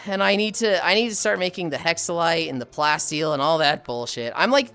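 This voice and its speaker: Animated, swearing woman streamer. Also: fairly low pitch, fast, few pauses, soft background music. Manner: animated, swears often, laughs a lot. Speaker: live streamer. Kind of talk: casual chat while gaming.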